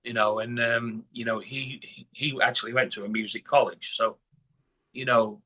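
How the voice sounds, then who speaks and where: A man's voice: medium pitch, fairly even intonation, normal speed, bright, forceful tone. A man from northern England talking bluntly in a casual interview, swearing a lot and restarting his sentences. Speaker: guest musician.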